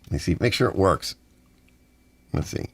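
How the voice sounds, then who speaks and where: Middle-aged male stream host, grumbly and animated, very lively pitch. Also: moderate pace, husky. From United States. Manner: grumbling, animated, reads chat aloud. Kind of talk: rambling live stream chat.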